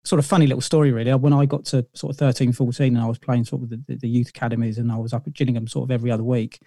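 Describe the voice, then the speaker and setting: Mellow-voiced man telling stories. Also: medium pitch, level tone, very fast, creaky, dry recording, studio quality. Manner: rambling, with many fillers and restarts. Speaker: podcast guest. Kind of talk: casual interview storytelling.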